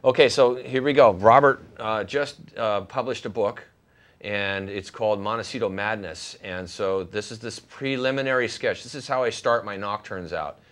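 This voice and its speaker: A man with a low voice chats as the guest in an interview, telling stories about his paintings. He rambles and jokes, filling pauses with lots of ums and uhs. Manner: jokey, rambling with many fillers. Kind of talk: casual interview chat.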